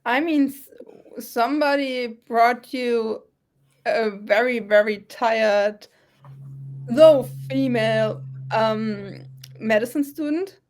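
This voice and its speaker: A woman running a tabletop game as game master, describing scenes in a chatty, halting way. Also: on the high side, darkish tone.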